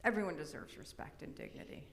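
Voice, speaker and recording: Fast and expressive, a middle-aged woman with a fairly low voice gives a casual workshop presentation, chatty and full of "right?" and "um." She's in a large church hall, where the sound echoes with long reverb over faint noise.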